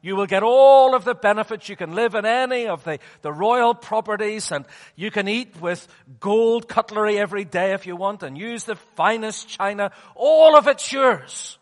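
A man's voice: sits high, normal speed, hardly any pauses, voice pushed up, close to an everyday voice. A man playing an elderly queen who grandly coaxes the listener in a raised voice, heard with long hall reverb. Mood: coaxing. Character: elderly British queen, gracious and coaxing.

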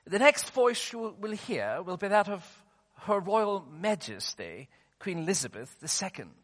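A man playing a posh male palace official who speaks formally and quietly, heard with long hall reverb. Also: sits high, very animated, a little slow, pitched above the performer's own voice, exaggerated voice.

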